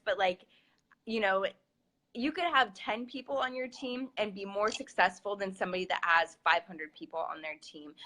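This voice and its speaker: A woman's voice: medium pitch, bright, forceful tone. A young adult woman, a fitness coach, telling a personal story in a chatty, casual way full of "like" and "um". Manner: chatty, many fillers like "like" and "um".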